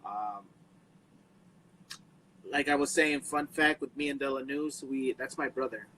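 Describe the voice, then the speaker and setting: Laid-back, bright-voiced young host. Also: male voice, medium pitch, measured pace, slight background noise, rough recording. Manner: laid-back, slangy, swears casually. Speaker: podcast host. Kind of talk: casual podcast chat.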